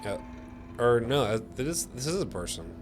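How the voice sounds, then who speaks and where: A man's voice: medium pitch, expressive, moderate pace, over music. A tired man giving casual gameplay commentary in a laid-back, swearing way. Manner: laid-back, sleepy, laughs easily, swears. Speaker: gameplay streamer.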